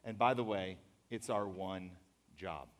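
A man's voice: deep voice, measured pace. A young man preaching a casual sermon to students, joking and laughing before turning earnest. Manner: jokey and animated, laughing at memes, then earnest. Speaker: youth pastor. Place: large hall or church auditorium. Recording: reverberant hall.

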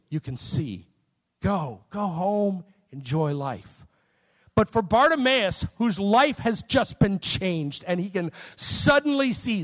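A high-voiced man preaches in a relaxed, conversational way, often tossing back a quick check-in to his listeners. His voice rings in a long hall reverb. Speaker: pastor. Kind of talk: sermon.

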